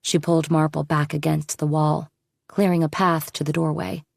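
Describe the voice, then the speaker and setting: A woman narrating an audiobook in a measured, steady storytelling manner. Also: sits low, creaky, dry recording, studio quality. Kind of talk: scripted narration.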